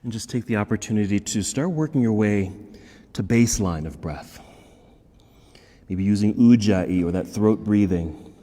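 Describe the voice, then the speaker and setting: A man teaching a yoga class, calmly cueing poses and breaths, and he is a little out of breath. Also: lowish voice, moderate pace, long reverb tail. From United States. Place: yoga studio.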